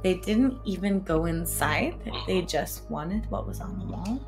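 Playful young woman, very lively pitch. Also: measured pace, music in the background. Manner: playful, excitable, reads dialogue with little voices. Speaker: podcast co-host playing a visual novel. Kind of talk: casual let's-play chat, reading game lines aloud.

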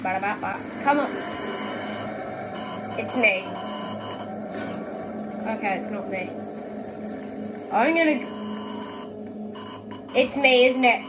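A young woman giving excitable gaming commentary, often yelling at other players. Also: fairly high pitch, slow, long pauses, very noisy. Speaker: gaming video creator. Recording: gameplay with music behind.

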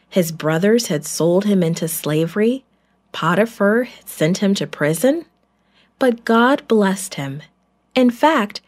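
A woman narrating a children's Bible story in a clear storytelling manner. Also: mid-range voice, darkish tone.

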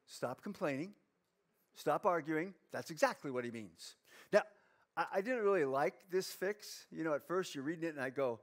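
A pastor with a noticeably high voice gives a lighthearted sermon. He teases himself, reads Bible verses aloud, and moves easily between jokes and earnest teaching. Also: expressive, normal speed. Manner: playful, self-mocking, reads scripture aloud. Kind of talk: humorous sermon.

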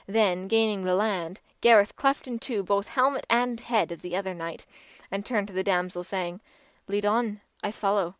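A woman narrating an old legend as an audiobook, in a measured and expressive manner. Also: medium pitch, smooth, dry recording. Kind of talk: scripted storytelling narration.

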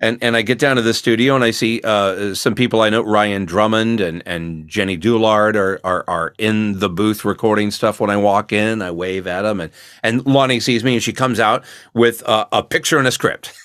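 Laid-back low-voiced man spinning stories. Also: steady tone, moderate pace, hardly any pauses, fairly bright tone, smooth, no room sound, studio quality. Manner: laid-back rambling storyteller, acts out quoted lines. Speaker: voice actor guest. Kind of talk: casual storytelling chat.

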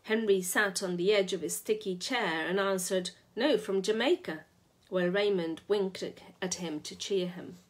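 A woman reads a literary short story aloud in a steady, measured voice. Her tone is low and slightly husky. The delivery is calm and even. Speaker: reader.

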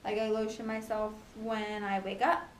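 A young woman in a casual home vlog, talking fast and chattily about her pregnancy, with lots of ums and likes. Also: medium pitch, flat delivery, a little hiss or hum. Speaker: pregnancy vlogger. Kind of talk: casual chat.

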